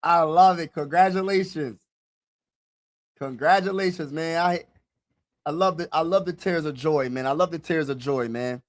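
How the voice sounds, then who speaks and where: A young man hosting a live draft reaction stream, talking casually and excitedly straight to his viewers and repeating himself. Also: on the high side, moderate pace.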